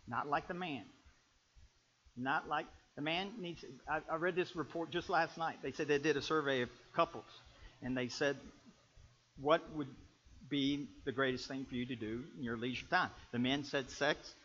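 High, bright-voiced animated preacher man. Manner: animated, swings from shouting to low storytelling. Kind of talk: sermon on marriage. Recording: muffled lo-fi recording.

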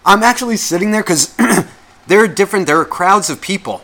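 Man, podcast co-host, bright forceful voice, swears constantly, animated storyteller. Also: sits high, moderate pace. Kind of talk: casual podcast chat.

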